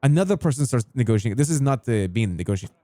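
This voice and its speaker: A man's voice: medium pitch, expressive, rapid-fire, mellow, no room sound. A man role-playing his character, rambling through a recount and acting out quoted back-and-forth exchanges. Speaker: role-play streamer recounting an in-character incident. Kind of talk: in-character role-play storytelling.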